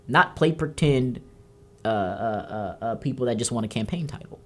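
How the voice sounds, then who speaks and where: A woman's voice: extremely low pitch, normal speed, breathy edge. A woman hosting a political talk show, delivering heated commentary and scolding emphatically. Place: studio.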